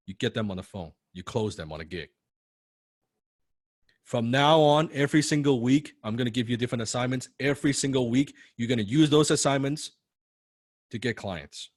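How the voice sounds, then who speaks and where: Accented male coach, blunt and profane, pushes students hard, mid pitch, dry recording. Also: no echo. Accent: non-native English accent. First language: not English. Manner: blunt, forceful, profane and repetitive. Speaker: copywriting coach. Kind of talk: motivational coaching talk.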